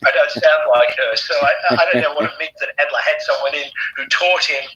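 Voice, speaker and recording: A man's voice: a little high, brisk, bright, forceful tone, lo-fi sound. A man with an English accent, an author and historian talking at length in an interview, with many fillers and restarts. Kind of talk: conversational interview.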